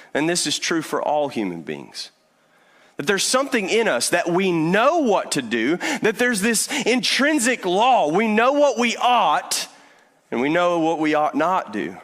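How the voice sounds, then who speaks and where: A man in his thirties preaching a sermon as pastor, telling stories with lively restarts and repeated words. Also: high-pitched, a little slow. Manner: animated storytelling with many restarts. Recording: long hall reverb.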